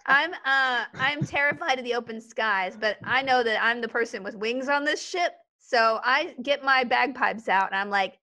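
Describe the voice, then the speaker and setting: Bright, high-voiced woman player. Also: normal speed, hardly any pauses. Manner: chatty, questioning. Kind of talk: tabletop game talk.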